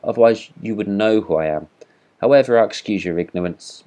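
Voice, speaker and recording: A boastful, self-important firework rocket looks down on everyone around him, as a man reading a storybook puts him on. The voice sits very low and speaks with haughty disdain. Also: a little fast, dark tone, lightly acted. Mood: disdainful. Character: vain pompous boastful male firework rocket.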